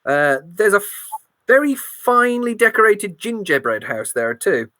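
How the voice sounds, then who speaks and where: A woman's voice: mid-range voice, very animated, measured pace, fairly bright tone, no room sound. A woman running a tabletop game as game master, narrating scenes with playful description and small slips.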